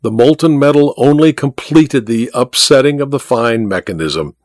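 A man narrating an audiobook in a lively, expressive way. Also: medium pitch, moderate pace, dry recording, studio quality.

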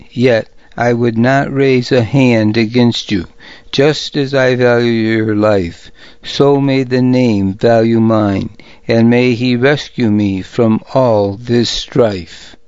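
A man voicing a young warrior leader, speaking his lines in a firm, measured way. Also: mid-range voice, fairly even intonation, darkish tone, clean tone, no echo, close to an everyday voice. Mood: pleading. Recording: dull, dry recording.

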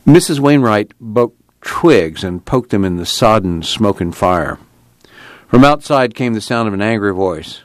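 A man hosting a radio reading service, narrating a novel aloud in a measured, even manner. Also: lowish voice, no echo. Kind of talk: audiobook narration.

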